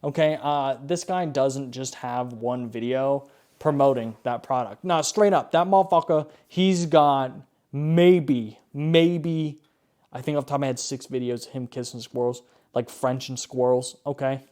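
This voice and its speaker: A man's voice: mid-range voice, moderate pace, a little mellow. A man hosting a video, ranting about bad ads with lots of swearing and repeated "okay?"s. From Canada. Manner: profane, exasperated, keeps asking "okay?". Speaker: video host reviewing ads. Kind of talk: ranting reaction commentary.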